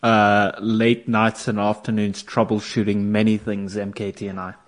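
Relaxed, hesitant South African man. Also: fairly low pitch, moderate pace. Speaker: camera operator. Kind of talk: casual chat.

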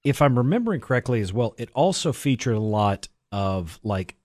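A man's voice: medium pitch, big pitch swings, a little fast, darkish tone. A man co-hosting a casual chat about films, rambling with lots of fillers and restarts.

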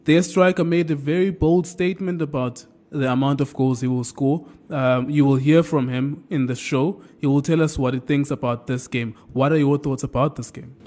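A man's voice: mid-range voice, fairly even intonation, normal speed, few pauses, darkish tone. A man hosting a radio sports show, talking with enthusiasm and exclamations.

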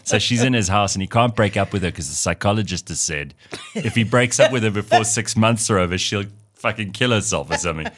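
A man's voice: fairly low pitch, fairly quick, no room sound. A man from Africa, co-hosting a radio show in casual chat and telling stories animatedly. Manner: animated storyteller, laughs, puts on voices.

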